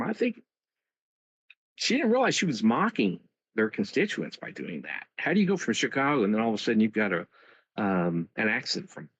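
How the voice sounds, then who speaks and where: A man's voice: on the low side, slightly rough, dry recording. A man in a casual political chat, mocking and sarcastic. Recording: dull dry lo-fi line.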